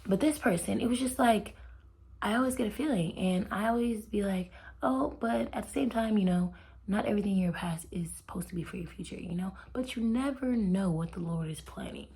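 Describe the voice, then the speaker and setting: A woman's voice: medium pitch, brisk, darkish tone. A young woman vlogger telling a personal faith story in a chatty, heartfelt way, often dropping to a near whisper. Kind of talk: casual faith storytelling to camera.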